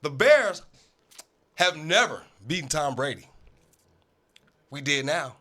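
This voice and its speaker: A man's voice: fairly high pitch, lively intonation, slow, sharp tone. A man hosting a casual sports talk show, arguing emphatically and repeating himself for emphasis.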